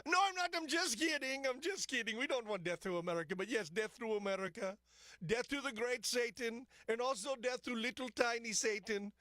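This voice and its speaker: A talk-radio host doing a comic impression of a blustering male Iranian leader, using a put-on Persian accent and shouting slogans. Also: extremely high pitch, a little fast, no room sound, clean studio sound, pitched above the performer's own voice. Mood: mock sheepish.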